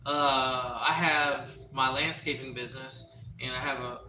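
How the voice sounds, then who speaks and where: A man's voice: mid-range voice, fairly even intonation, measured pace, sharp tone, distant mic, slight background noise. A man hosting a casual livestream, rambling and restarting often as he reads search results aloud. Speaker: livestream host. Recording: echoey room, off-mic, faint music.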